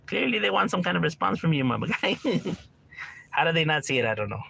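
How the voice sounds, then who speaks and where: Streamer guy, slangy and profane, bright bouncy voice, a bit high. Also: big pitch swings, fairly quick, vocal fry, breathy edge. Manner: slangy, rambling, calls listeners bro and homie; swears freely, laughs often. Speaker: livestreamer reading chat. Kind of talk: casual livestream chat.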